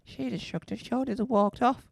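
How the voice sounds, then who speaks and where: A performer voicing an excitable eighteen-year-old school dinner man who rambles through a story in a comedy sketch. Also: on the high side, moderate pace, gravelly, slight background noise, voice pushed up. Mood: chatty.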